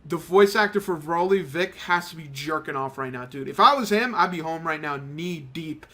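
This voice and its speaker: A man's voice: a little high, expressive, moderate pace, bright, forceful tone. A young man giving casual, rambling, profane commentary over a mobile game he is playing. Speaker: gaming channel host. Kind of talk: casual let's-play commentary.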